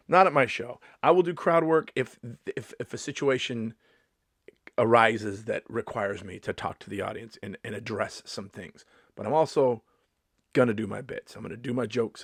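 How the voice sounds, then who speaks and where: A middle-aged male stand-up comedian talking casually to camera, animated and profane, often restarting his sentences. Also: fairly low pitch, normal speed, creaky, slightly rough, no echo, studio quality. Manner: animated, swearing, restarts a lot. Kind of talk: casual vlog monologue.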